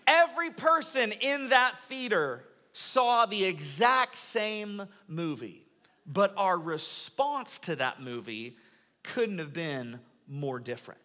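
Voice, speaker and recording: A man in his thirties, a pastor delivering a sermon to his congregation as an animated storyteller, in a large church auditorium. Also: sits high, slow. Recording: long reverb of a large hall.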